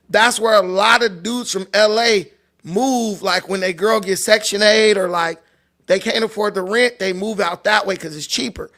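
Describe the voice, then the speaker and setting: With a high-pitched, pushed, bright voice, this Long Beach, California man hosts a livestream full of casual storytelling. He's a loose, laughing narrator who swears throughout his tales.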